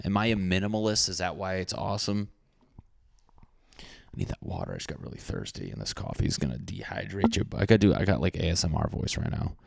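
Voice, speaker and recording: Deep-voiced crude young man ranting. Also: expressive, brisk, gravelly, dry recording, studio quality. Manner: crude, rambling, jokey, swears a lot. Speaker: podcast host. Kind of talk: casual solo podcast rant.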